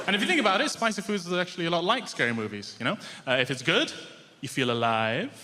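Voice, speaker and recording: Deadpan young male stand-up, lively pitch. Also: noisy background. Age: 20s. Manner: deadpan and self-deprecating, with drawn-out punchlines. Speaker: stand-up comedian. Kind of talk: stand-up routine. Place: large theatre stage. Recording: live theatre reverb, loud crowd.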